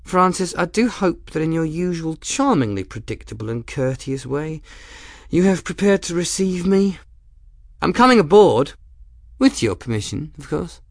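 A man's voice: on the high side, sing-song, moderate pace, no echo, studio quality, voice pushed up. A man voicing a playful, flirtatious female sky-pirate captain with a merry, mocking manner in an audiobook. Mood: teasing. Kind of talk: audiobook character voice.

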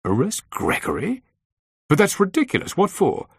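A man's voice: mid-range voice, animated, moderate pace, fairly bright tone, no echo, studio quality, voice pushed up, lightly acted. A man voicing an alarmed, demanding office colleague in an audiobook. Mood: incredulous. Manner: incredulous, pushing questions.

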